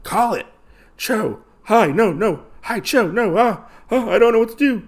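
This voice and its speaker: A man's voice: high voice, expressive, unhurried, pitched above the performer's own voice, heavily acted. A man voicing a cowardly male gang boss who pleads frantically, in a comic recap. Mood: panicked.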